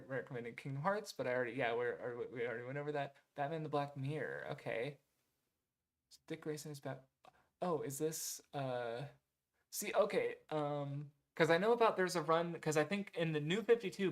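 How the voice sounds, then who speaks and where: A man with a somewhat high-pitched voice muses out loud to his audience in an easy, unscripted way. He wanders through his thoughts, filling gaps with "um" and "like" and backtracking to fix what he just said. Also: normal speed. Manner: rambling, full of "um" and "like", self-correcting, casual swearing. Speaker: streamer reading viewer recommendations. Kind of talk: casual rambling chat.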